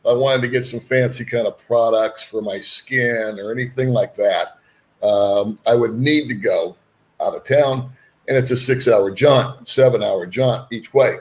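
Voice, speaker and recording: Male host, casual chat, rambling and frank, mid-pitched. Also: a little slow. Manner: rambling, frank, folksy asides.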